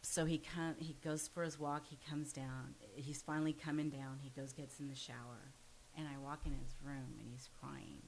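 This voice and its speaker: A woman's voice: very deep voice, little pitch movement, normal speed, creaky, slight background noise, rough recording. A woman in her forties, a podcast guest, telling a personal story in an earnest, forthright way. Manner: earnest and forthright, self-described pushy. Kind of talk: candid storytelling in casual conversation.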